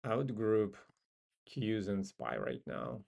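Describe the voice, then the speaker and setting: A man's voice: on the low side, sing-song, takes it slowly, vocal fry, darkish tone. A man with a non-native English accent hosts a casual live trading stream. He muses and thinks aloud with frequent ums. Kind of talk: casual live market commentary.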